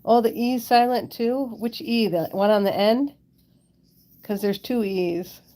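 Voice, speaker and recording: A woman's voice: mid-range voice, measured pace, warm tone. A woman chatting casually on a live stream from home, giggling often and talking to her pets and viewers, into a handheld phone held close. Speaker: pet owner hosting a live stream. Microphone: handheld phone camera held close.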